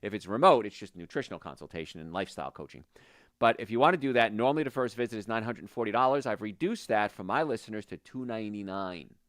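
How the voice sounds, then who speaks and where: Folksy low-voiced man giving health advice. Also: a bit bright, dry recording, studio quality. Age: middle-aged. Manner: folksy, rambling, goes off on tangents. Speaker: health practitioner and show host. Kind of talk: casual health talk with sales pitch.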